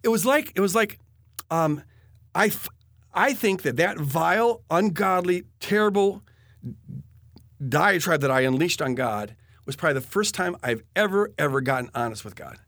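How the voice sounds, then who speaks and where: A man telling a personal faith story in an earnest, halting way, often restarting his sentences. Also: high voice, lively intonation, fairly bright tone, no echo, studio quality. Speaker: guest telling his testimony.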